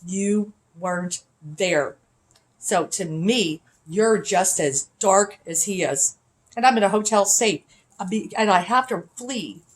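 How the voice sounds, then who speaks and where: A woman vlogger rants straight to camera in a rambling, unscripted way. Her talk is profane and accusatory, at a middling pitch for a woman, recorded in a hotel room. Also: measured pace.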